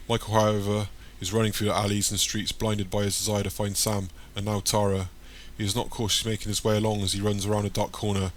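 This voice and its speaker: Low-voiced male narrator. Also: flat delivery, fast, a little hiss or hum. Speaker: audiobook narrator. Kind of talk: scripted narration.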